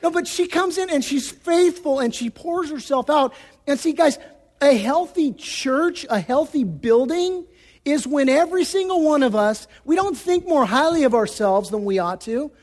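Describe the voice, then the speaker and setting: A man preaching a sermon as the pastor. He talks in a relaxed, conversational way and acts out the voices of the people he quotes. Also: extremely high pitch, normal speed. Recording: long reverb of a church hall.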